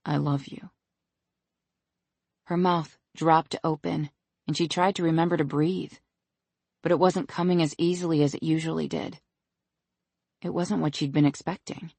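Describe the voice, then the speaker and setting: An audiobook narrator giving a measured, scripted reading of a romance novel. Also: medium pitch, fairly even intonation, creaky, darkish tone, no room sound.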